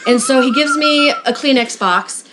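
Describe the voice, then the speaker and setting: A woman telling a story in casual chat, animated and slipping into voices for the people in it. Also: high-pitched, normal speed, slight background noise. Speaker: guest storyteller.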